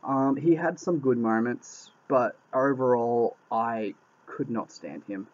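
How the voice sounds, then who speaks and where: This movie reviewer talks slowly in a mid-range voice, offering an informal spoken take on a film. Exasperated, he curses frequently and repeats himself over and over, all on a dull lo-fi recording.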